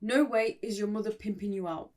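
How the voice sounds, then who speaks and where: A woman's voice: mid-range voice, a little fast, darkish tone, recorded from a distance. A woman casually reading a fan story aloud, with giggly, sarcastic asides. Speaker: story reader and commentator.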